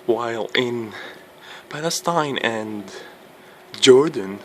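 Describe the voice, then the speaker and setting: Slow-talking man, cold outdoors. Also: medium pitch, animated, a little hiss or hum, low-quality recording. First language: Arabic. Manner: slow, halting, amazed exclamations. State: cold, freezing. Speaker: vlogger filming a snowstorm. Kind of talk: casual vlog commentary. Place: outdoors in a snowstorm before dawn.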